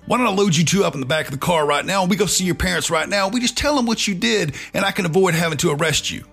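A man's voice: sits high, fast talker, gravelly, fairly bright tone, slightly rough, soft background music, voice pushed up, full character voice. A man voicing a stern gray-haired male police officer who barks threats. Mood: threatening. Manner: barking, threatening.

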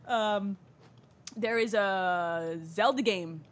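A woman's voice: medium pitch, extremely slow. A woman co-hosting a podcast, joking crudely in casual chat and reading out listener questions, laughing often. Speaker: podcast co-host.

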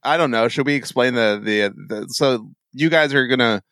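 A man's voice: mid-range voice, moderate pace, a bit bright, no echo, studio quality. A man co-hosting a podcast in casual banter, rambling and laughing at himself. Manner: rambling, laughing, self-mocking. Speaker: podcast co-host.

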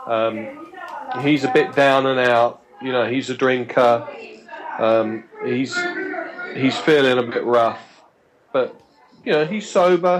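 A man recounts a long story as a podcast guest, talking in a chatty, stop-start way. He often restarts his words and briefly acts out the voices of the people he quotes. His voice sits at an ordinary middle pitch. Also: noisy background. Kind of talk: anecdotal storytelling.

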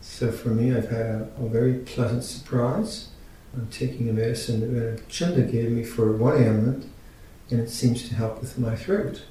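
A man in his sixties, a Buddhist teacher giving a dharma talk, halting and gently humorous. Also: steady tone. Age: 60s. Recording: very echoey room, mic at a distance, faint rumble.

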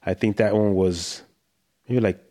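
A man guesting on a podcast in casual chat, laid-back and halting, calling people bro. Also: fairly low pitch, steady tone, mellow.

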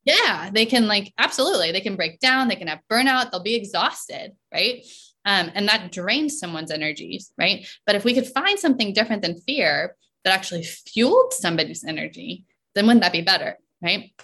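A woman coach talking in a relaxed podcast conversation, often checking in with "right?" and laughing between points. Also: medium pitch, normal speed.

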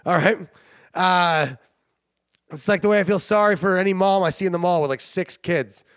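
A man's voice: high-pitched, moderate pace, a bit bright, no echo, clean studio sound. A man hosting a sports show, rambling and joking in casual commentary, often laughing. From Canada. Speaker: sports podcast host.

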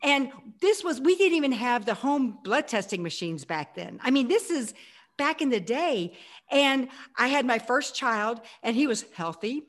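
A woman in her sixties, appearing as an interview guest, tells her life story with animation, acting out her younger self. Her voice sits on the high side at a moderate pace.

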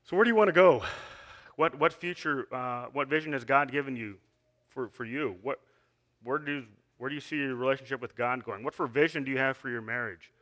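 A man's voice: mid-range voice, a little fast, fairly bright tone. A man giving an earnest sermon, reading scripture and asking the listeners questions, with frequent restarts. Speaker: lay preacher.

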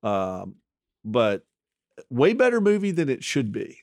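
A man's voice: mid-range voice, huge pitch swings, slow pace, a little mellow, dry recording, studio quality. A man co-hosting a podcast in casual banter, wry and teasing, fond of explaining little tips. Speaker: podcast co-host.

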